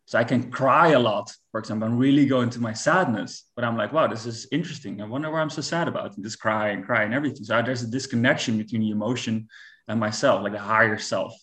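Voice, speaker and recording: Male relationship coach, mid-pitched, earnest and reflective, halting delivery with restarts. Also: fairly bright tone. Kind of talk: casual podcast conversation.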